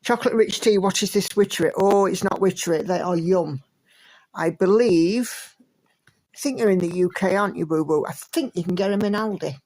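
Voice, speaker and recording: A woman's voice: medium pitch, a little fast, a little mellow, poor audio. English lady chatting on a livestream, reads out comments, lots of likes and ums. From England. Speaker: livestream host. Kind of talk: casual chat reading viewer comments.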